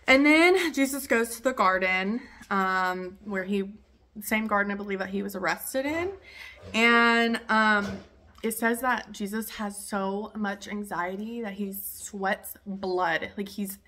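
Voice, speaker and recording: A young woman hosts her podcast from home, and her voice is bright and lively at an average pitch. She retells a story in a chatty, informal way, full of fillers and asides. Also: unhurried, slight background noise. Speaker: podcast host. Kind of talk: casual storytelling chat. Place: home with her dog nearby.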